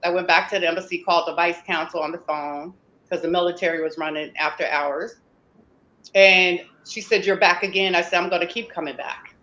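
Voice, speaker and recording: A woman's voice: fairly low pitch, fairly even intonation, brisk, pushed and bright, lo-fi sound. A woman interview guest telling a personal story emphatically, acting out what people said to her. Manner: emphatic, acts out quoted dialogue.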